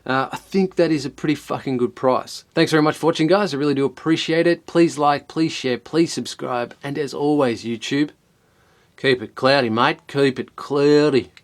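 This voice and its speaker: A man's voice: fairly high pitch, fairly quick, hardly any pauses. An Australian man giving a casual spoken product review, blunt and chatty, swearing often in a laid-back way.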